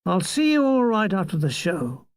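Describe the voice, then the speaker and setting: A woman's voice: medium pitch, sing-song, normal speed, darkish tone, no echo. An older woman doing an eager, salesy showbiz agent. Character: hyperactive balding male showbiz agent, thirties.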